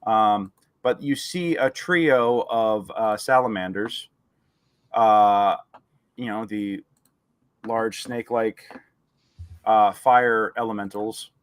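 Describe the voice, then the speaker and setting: A man's voice: on the low side, slow pace, pauses often, smooth, dry recording. A man narrating a tabletop game as game master, rambling and hesitant with many fillers.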